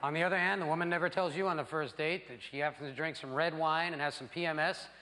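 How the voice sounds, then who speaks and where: A man doing a stand-up routine, animated and crude, acting out voices for his punchlines on a live stage. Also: on the high side, fast talker. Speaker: stand-up comedian. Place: theater stage before a laughing audience. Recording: live stage with long reverb and loud noise.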